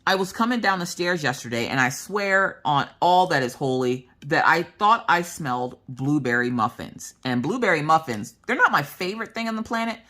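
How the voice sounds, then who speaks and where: Low-voiced woman telling a lively story. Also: normal speed, hardly any pauses. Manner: animated, frank storyteller who acts out quoted voices. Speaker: crafting vlogger. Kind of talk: casual storytime chat.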